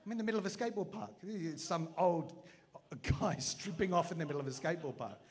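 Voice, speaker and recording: A man in his forties tells a comic personal story as a preacher. He pitches his voice a little high and bounces between his own narration and acted-out voices, laughing at himself as he goes. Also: fast talker. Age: 40s. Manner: animated, self-mocking storyteller acting out voices. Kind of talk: storytelling sermon.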